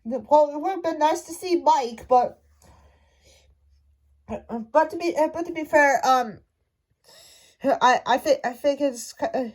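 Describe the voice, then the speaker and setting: A woman's voice: sits high, a little slow, pauses often, a little mellow. A woman ranting casually about a show, stumbling through many restarts. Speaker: fan commentator. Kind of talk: casual rant to camera.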